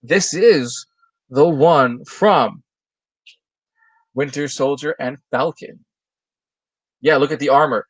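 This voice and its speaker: A man's voice: a little high, slow pace, pauses often, dry recording, rough recording. A man co-hosting a toy news livestream, talking casually and loosely with a lot of enthusiasm. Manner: chatty, enthusiastic, loose and rambling. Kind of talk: casual chat.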